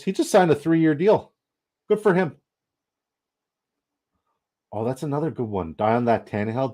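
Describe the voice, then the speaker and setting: A young man hosting a casual livestream, excitable, rambling and profane as he chats with viewers. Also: mid-range voice. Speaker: livestream host.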